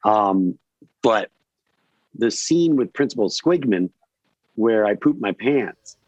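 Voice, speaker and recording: A man from Delaware, a guest actor in a casual podcast chat, rambling and animated with lots of fillers. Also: fairly low pitch, slow pace, no echo, rough recording. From Delaware, USA.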